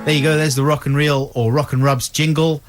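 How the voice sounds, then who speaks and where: A middle-aged man co-hosting a comedy radio show, playful and quick to laugh. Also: on the high side, little pitch movement, soft background music. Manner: playful, laughs often, does impressions. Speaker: radio co-host. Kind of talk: comic radio banter.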